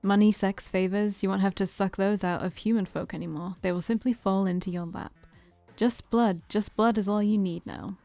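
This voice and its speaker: A woman's voice: mid-range voice, steady tone, creaky, dark tone, no echo, faint music behind, close to an everyday voice. A woman reading as a smug vampire man. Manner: slow, emphatic, teasing. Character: smug theatrical male vampire, preacher-like.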